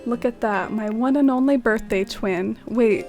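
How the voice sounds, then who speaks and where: A woman's voice: a little high, a little slow, a little mellow, faint music behind. A woman streaming a game, chatting casually, greeting viewers by name and using lots of "like". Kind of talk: casual live-stream chat.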